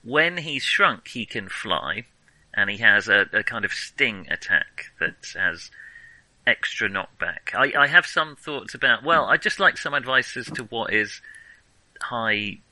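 Bright-voiced Manchester man, rambling. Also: lowish voice, lively intonation, unhurried, no echo, poor audio. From Salford, England. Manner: rambling, self-amused, hesitant. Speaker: player. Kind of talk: casual tabletop game chat.

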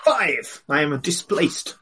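A man playing a tabletop game, speaking in a wry, hesitant way with many ums and pauses. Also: fairly high pitch, sing-song, noisy background. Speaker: player. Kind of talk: casual tabletop game chat.

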